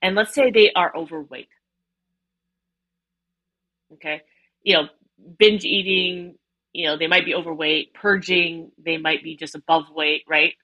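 A woman psychotherapist talking in a casual interview, animated, often ending points with a questioning "right?". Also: on the low side, a little slow, long pauses, lo-fi sound. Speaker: psychotherapist guest.

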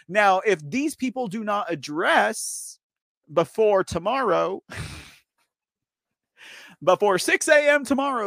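Guy doing a political talk show, gravelly voice, kinda high, dry room, riffs and says okay a lot. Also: fairly bright tone, no echo. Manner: loose, uncensored, riffing asides with frequent okay and right. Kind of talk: opinionated political commentary, reading articles aloud.

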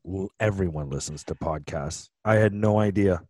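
A man's voice: low-pitched, normal speed, a little mellow, no room sound. A man co-hosting a podcast, telling stories in a rambling, casual way full of restarts. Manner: rambling storyteller with many restarts. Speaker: podcast co-host, former hockey player. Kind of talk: casual chat.

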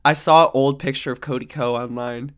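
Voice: medium pitch, steady tone, fairly quick, fairly bright tone, clean tone. A podcast co-host in casual banter, joking and giggling, often trailing off mid-sentence. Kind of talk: casual chat.

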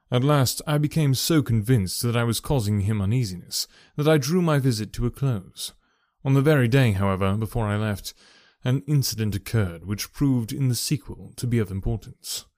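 A man reading a story aloud in a measured, even narration. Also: mid-range voice, dry recording, studio quality. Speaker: audiobook narrator.

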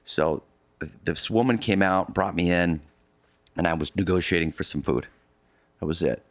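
With no echo, a man speaks in a low pitch at a moderate pace. He's being interviewed about a polar expedition and recounts it at length in casual conversation, rambling, often restarting his sentences, and tossing in vivid asides.

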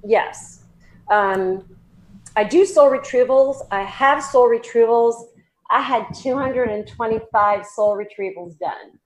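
A woman with a Southern accent, a psychic medium talking as a guest in an interview, animated and laughing, with many fillers and restarts. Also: on the high side, slow, a little hiss or hum. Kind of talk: casual interview talk.

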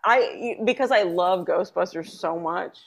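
A woman co-hosting a podcast, telling stories in casual chat with a lively, laughing manner. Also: fairly low pitch, a little slow, creaky. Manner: animated, laughing storyteller. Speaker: podcast co-host.

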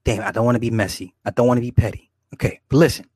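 Brief: man, 40s, livestream host, casual and profane, laughs a lot, mid pitch, dry close sound. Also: steady tone, very fast, a little mellow, slightly rough, no echo. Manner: rambling, profane, laughs often, talks to viewers. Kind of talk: casual livestream chat, reading comments.

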